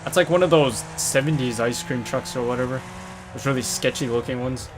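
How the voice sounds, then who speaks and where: A man giving rambling, excitable commentary while he plays a game, often saying "dude", on a desk mic near a noisy computer. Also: mid-range voice, brisk. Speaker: gamer. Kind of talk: casual gameplay commentary. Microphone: desktop mic near a noisy computer. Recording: loud racing game sounds behind voice.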